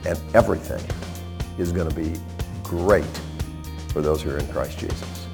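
A man preaching a sermon as pastor, impassioned and climbing to high, emphatic peaks. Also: moderate pace, vocal fry, music in the background.

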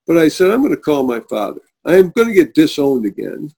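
Middle-aged guy telling his faith story on a talk show, kinda high voice, husky, earnest, does the voices of people he quotes. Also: sing-song, a little fast, warm tone. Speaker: guest.

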